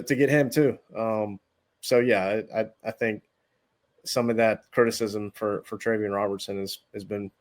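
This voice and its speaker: A man speaking as a guest recruiting analyst on a sports radio show, hesitant, with many ums and repeated words. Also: mid-range voice. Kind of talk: casual sports radio interview.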